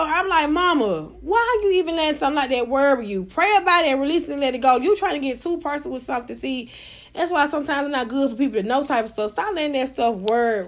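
A young woman hosts a live audio room, fussing and cussing at her listeners in a loud, animated way. Her voice sits high, and she pushes it up even further when she gets worked up. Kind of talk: casual live-stream chat.

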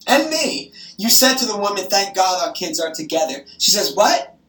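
A woman's voice: medium pitch, big pitch swings, moderate pace, a bit bright. Young woman, swears constantly, gossipy and heated, mid-range voice in a roomy space away from the mic. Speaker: grandchild on the phone. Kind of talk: casual phone chat. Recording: roomy echo, distant from the mic.

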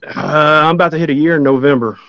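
A guest from Tennessee, talking in an easygoing, laid-back way. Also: male voice, fairly high pitch, fairly even intonation, fast talker, a bit bright, no room sound. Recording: dull lo-fi call audio.

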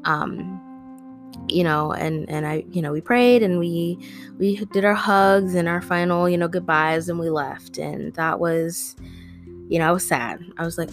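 A woman's voice: on the low side, normal speed. A young woman vlogging, telling a personal story in a rambling, earnest way with lots of fillers. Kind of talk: casual storytelling to camera. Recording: faint guitar music behind.

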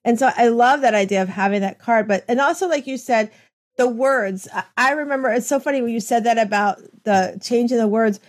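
A woman's voice: fairly high pitch, fairly quick. Chatty, upbeat woman podcast host. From United States. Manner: enthusiastic, rambling, with many restarts. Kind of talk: conversational interview.

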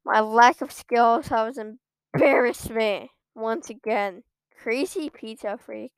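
A woman's voice: a little high, takes it slowly, clean tone, no echo. A woman giving live commentary on her own gameplay at a computer, ranting in frequent exasperated outbursts. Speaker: gamer streaming her own play.

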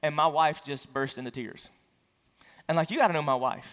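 A man's voice: on the high side, a little fast, a bit bright. A man preaching a sermon as a pastor, telling a personal story in a casual, self-deprecating way in front of his church. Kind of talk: conversational sermon. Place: church sanctuary. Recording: long hall reverb.

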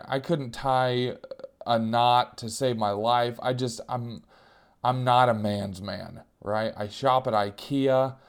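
A man telling a comic story about himself, animated and self-mocking, sometimes jumping into higher voices to act out what people said. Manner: self-mocking, animated, jumps into squeaky voices for quoted cries.

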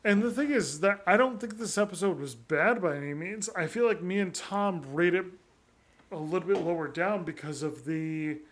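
A man's voice: high-pitched, moderate pace, a bit bright. A man co-hosting a podcast in casual chat, laughing often, swearing and saying "like" a lot. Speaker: podcast co-host.

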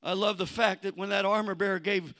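A male pastor, preaching a sermon and telling a Bible story, building to loud exhortation. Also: high voice, fairly even intonation, brisk.

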